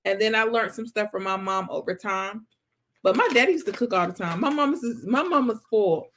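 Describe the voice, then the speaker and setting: A woman, hosting a casual chat and telling family stories in a lively way, now and then breaking into song. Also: medium pitch, brisk. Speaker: vlog host.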